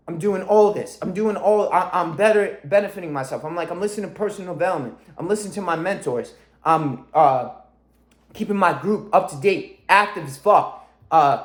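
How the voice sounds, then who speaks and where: A man's voice: high-pitched, echoey room. A man in his twenties, a fitness coach, giving an intense, profane motivational vlog monologue from his room at home. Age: 20s. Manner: intense, profane, self-driven.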